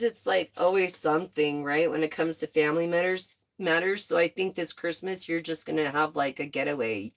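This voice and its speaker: A young woman giving a casual, excitable tarot reading to her viewers, gushing and swearing freely. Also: fairly low pitch, creaky. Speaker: tarot reader.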